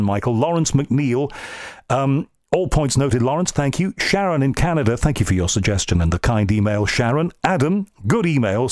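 An English man from Liverpool hosts a radio show, working through listener mail in a relaxed, thoughtful way, with plenty of ums and uhs. His voice sits at a middle pitch. It is captured dry and close on a studio mic, with no room echo. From Liverpool, England. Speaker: radio and podcast host. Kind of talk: reading listener emails on air, then interviewing a guest.

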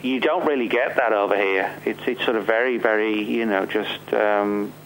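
Midlands bloke on a remote interview line, faint hum behind, rambles a lot with lots of fillers. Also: male voice, on the low side, moderate pace, gravelly, a bit bright, low-quality recording. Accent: English Midlands. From Staffordshire, England. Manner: rambling, many fillers and restarts. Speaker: guest, author.

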